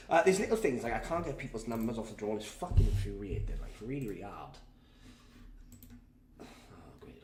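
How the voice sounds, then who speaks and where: A man's voice: low-pitched, a little mellow. A tired man hosts a live prize draw in casual, rambling chat and swears freely. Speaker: competition host running a live prize draw. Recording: echoey room with faint background noise.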